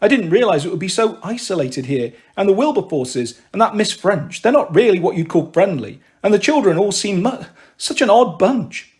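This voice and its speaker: A man reads a story aloud for an audiobook, taking on the weary voice of a harried, emotional working-class mother scolding her daughters in exasperation. His voice sits high and is a little mellow and expressive, at a moderate pace with few pauses.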